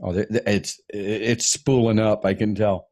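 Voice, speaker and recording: A man's voice: on the low side, fairly even intonation, measured pace, darkish tone. A man from the Pacific Northwest hosting a casual live stream, chuckling often as he reads out listener check-ins. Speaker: host.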